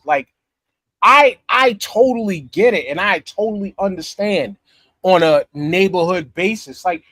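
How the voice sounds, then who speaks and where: A man with a fairly high voice talks in a relaxed, casual podcast chat. He hammers his points home, repeats himself and curses freely. The sound is dry and close to the mic. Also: no room sound. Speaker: podcast co-host.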